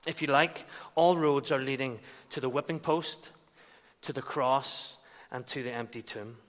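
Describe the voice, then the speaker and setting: A man's voice: mid-range voice, measured pace, a bit bright. A man preaching an expository sermon, retelling scenes and acting out quoted dialogue. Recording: long reverb of a large hall.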